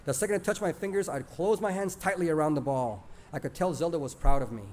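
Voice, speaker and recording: A man's voice: fairly high pitch, fast talker, slight background noise. A man narrating a first-person childhood story in a plain, conversational way. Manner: lively, plainspoken, conversational retelling.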